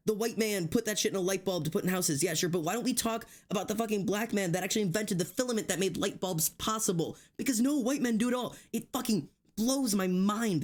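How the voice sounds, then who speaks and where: A man streaming live who swears heavily, rants hotly and then laughs it off, talking straight to his chat with many restarts. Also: high-pitched. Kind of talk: casual livestream chat.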